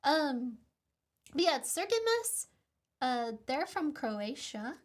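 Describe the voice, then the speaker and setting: A young woman chats on her stream as she solders a kit at her desk, her voice high and light. She rambles, giggles often and pokes fun at herself, talking straight into a desk mic. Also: big pitch swings, takes it slowly. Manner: giggly, rambling, self-mocking. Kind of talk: casual chat while soldering.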